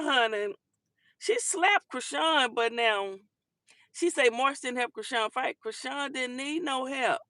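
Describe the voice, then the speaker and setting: A woman's voice: on the high side, pushed and bright, no room sound, studio quality. A woman hosting a casual talk show, chatting and giving sassy commentary on viral clips, calling listeners honey and baby.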